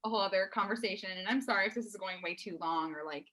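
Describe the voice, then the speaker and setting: A woman's voice: medium pitch, very fast, fairly bright tone, rough recording. A woman guest on a podcast who creates food content, chatting in an earnest way and laughing easily. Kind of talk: casual chat.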